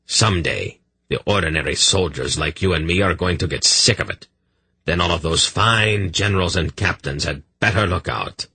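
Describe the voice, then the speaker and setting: Man doing surly soldier, whiny, sullen, deep husky voice. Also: moderate pace, sharp tone, no echo, full character voice. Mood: whining. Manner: complaining, sullen. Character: surly whining male common soldier.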